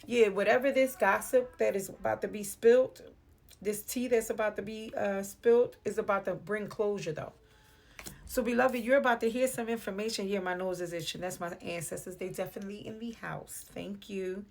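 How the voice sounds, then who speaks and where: A woman's voice: medium pitch, steady tone, normal speed, vocal fry, darkish tone. A woman with a New York accent giving a casual, playful tarot reading to camera, calling the viewer "beloved". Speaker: tarot reader. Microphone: phone or webcam on video.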